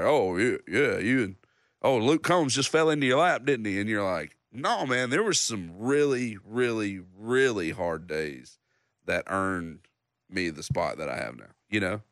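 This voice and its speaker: A songwriter in his thirties telling a story in casual chat, acting out other people's lines in a loud, high voice. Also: moderate pace, no room sound, studio quality. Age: 30s. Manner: animated storyteller, acts out loud high-pitched quotes of others. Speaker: songwriter guest.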